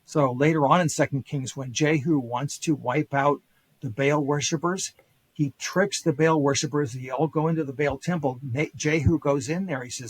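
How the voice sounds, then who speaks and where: A man's voice: a little high, moderate pace, breathy edge, no echo, low-quality recording. An older man, a historian guest on a podcast, retelling ancient stories casually with quoted voices and many fillers and restarts. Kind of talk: casual storytelling lecture.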